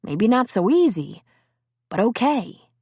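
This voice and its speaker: A woman's voice: a little high, sing-song, takes it slowly, darkish tone, breathy edge, dry recording, clean studio sound, voice pushed up, heavily acted. A woman voicing an anxious young man who talks earnestly and tries to soothe his girlfriend. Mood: soothing. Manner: earnest, soothing, a little shaken. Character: guilty, anxious young man, gentle with her.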